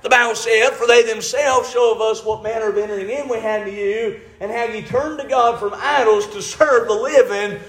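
A man's voice: high voice, fairly even intonation, normal speed, hardly any pauses. A man preaching a folksy, emphatic sermon, often saying "amen" and "all right.". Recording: echoey room.

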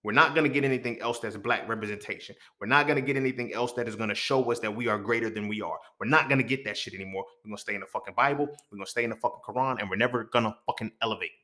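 A young man hosting his own podcast, talking alone in a heated, profane monologue that rises to near-shouts and then drops low. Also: racing, few pauses. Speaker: podcast host. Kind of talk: impassioned solo monologue.

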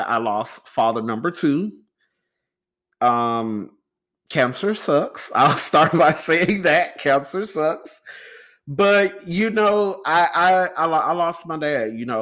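A podcast host with a fairly high, slightly bright voice and lively intonation speaks slowly in loose, rambling talk, addressing listeners as y'all. Sharing personal news of a loss, he sounds emotional, his voice wavering.

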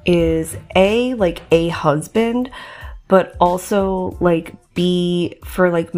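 A woman's voice: low voice, darkish tone. A woman hosting a podcast in casual chat, talking in a loose, chatty way with many fillers and restarts. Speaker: podcast host.

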